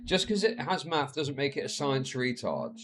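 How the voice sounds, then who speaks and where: A man's voice: very animated, moderate pace, background noise. A man streaming live, reacting to a video with profane, mocking commentary. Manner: profane, mocking, slips into shrill mimicking voices.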